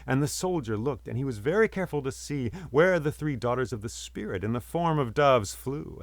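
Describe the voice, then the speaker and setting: A man's voice: mid-range voice, no room sound. A man telling a myth aloud as a storyteller, with rhythmic, repeating phrases. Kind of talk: oral storytelling of myths.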